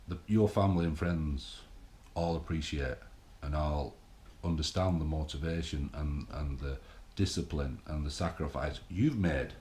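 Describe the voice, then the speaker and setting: A deep bass voice with a touch of mellowness belongs to this middle-aged English bodybuilding vlogger. In an echoey room, he addresses the camera with a rambling, casual, swear-laden motivational talk.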